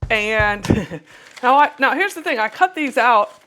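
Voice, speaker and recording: Woman painter, casual talker, slightly high voice, self-mocking and quick to laugh. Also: animated, a bit bright, faint music behind.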